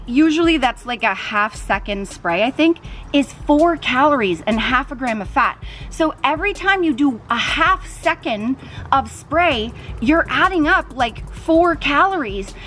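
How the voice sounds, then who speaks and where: A woman's voice: high voice, animated, unhurried, a bit bright, soft background music. A woman vlogger talking casually to the camera outdoors in a backyard, explaining her diet mistakes step by step. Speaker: weight loss vlogger.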